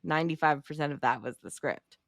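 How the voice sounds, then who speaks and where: Animated woman chatting about movies. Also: deep voice, a little fast, no room sound, clean studio sound. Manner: animated, laughs often, acts out movie lines. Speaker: podcast co-host. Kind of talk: casual chat.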